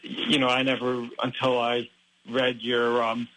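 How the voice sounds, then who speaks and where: A male interviewer speaks in a bright, flat, level voice. He hesitates often, filling his questions with ums and uhs before getting to the point. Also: mid-range voice, measured pace, poor audio. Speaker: interviewer and host.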